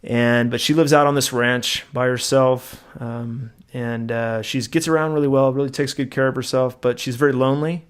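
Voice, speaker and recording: A man's voice: mid-range voice, normal speed, few pauses, clean tone. Middle-aged guy rambling thru a story on a podcast, acts out the voices, keeps restarting. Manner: rambling, animated retelling with acted-out quotes and frequent restarts. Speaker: podcast co-host. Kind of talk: casual conversational storytelling.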